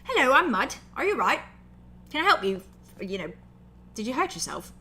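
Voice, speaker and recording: A woman's voice: high voice, sing-song, moderate pace, bright, forceful tone, a little hiss or hum, full character voice. A woman voicing a big, cheerful young male orc who is a jokester, in a tabletop role-play. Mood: friendly. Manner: friendly, joking, upbeat.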